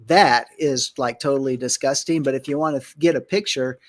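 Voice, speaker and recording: On his broadcast, a Bible teacher and ministry host talks in a mid-range voice, fairly quickly. His conversational teaching wanders with fillers and restarts while he thinks out loud and reads scripture.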